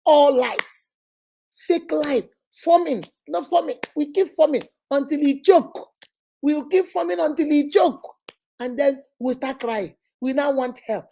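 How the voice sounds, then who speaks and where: A middle-aged woman hosting a talk on relationships, preachy and animated, mimicking voices and laughing often. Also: high voice, a little slow. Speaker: host.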